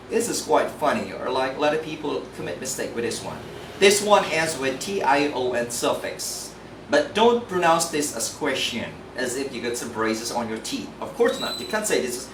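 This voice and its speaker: A man's voice: a little high, big pitch swings, a little slow. A man with a Filipino accent teaching English pronunciation in a tutorial, spelling words out letter by letter and repeating the model sounds. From Philippines. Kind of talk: recorded tutorial lesson. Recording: roomy, distant mic with faint noise.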